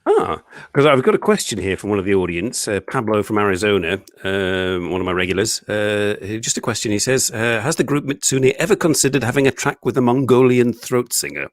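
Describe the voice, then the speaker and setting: A man's voice: on the low side, animated, brisk, hardly any pauses, no echo, clean studio sound. A man with a British English accent hosting a casual live-stream interview from his living room, chatty and rambling and often laughing. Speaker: show host.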